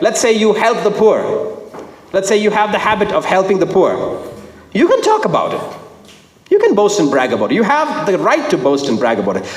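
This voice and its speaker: A man preaching a sermon, emphatic, repeating his phrases and swinging between low and high notes. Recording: echoey hall with long reverb.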